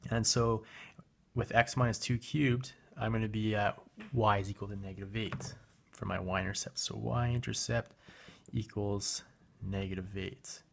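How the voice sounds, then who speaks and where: Guy with a gravelly voice doing a math lesson, mid pitch, relaxed, little hiss behind him. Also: moderate pace. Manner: relaxed, talks while working a graphing calculator, with fillers and self-corrections. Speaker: math teacher. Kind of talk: recorded math lesson walkthrough.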